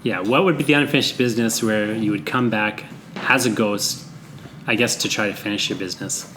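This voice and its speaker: A man's voice: lowish voice, brisk, fairly bright tone, a little hiss or hum. Hesitant, rambling middle-aged man. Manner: rambling, hesitant, laughs often. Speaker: podcast host. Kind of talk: casual chat.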